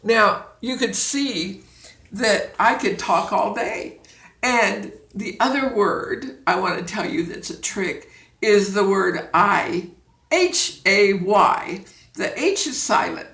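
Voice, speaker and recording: Patient woman teacher, slow and deliberate delivery, lots of room echo. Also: medium pitch, expressive, a bit bright. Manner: deliberate, drawn-out, demonstrating sounds. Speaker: Spanish teacher. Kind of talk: slow, patient classroom instruction. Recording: echoey room.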